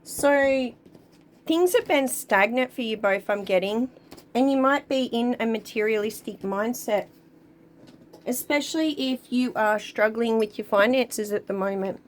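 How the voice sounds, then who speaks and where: A woman giving a casual, chatty tarot card reading to her viewers, talking at an easy, drawn-out pace. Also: on the high side, slight background noise. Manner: chatty, drawn-out, sings song lyrics along. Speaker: tarot reader.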